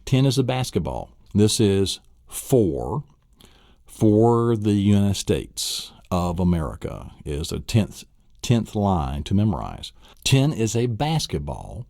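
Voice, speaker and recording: A man's voice: low-pitched, dark tone, no room sound, clean studio sound. A man teaching a memory technique, quizzing the listener with questions he answers himself. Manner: enthusiastic, asks and answers his own questions. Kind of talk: spoken lesson walkthrough.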